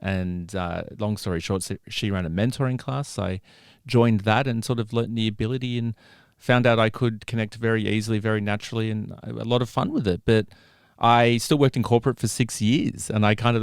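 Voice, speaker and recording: A man's voice: on the low side, fairly even intonation, a little fast, clear, resonant tone, dry recording, studio quality. A man in his late thirties with an Australian accent, chatting animatedly as a podcast guest. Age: 30s. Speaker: podcast guest, psychic medium. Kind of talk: casual podcast chat.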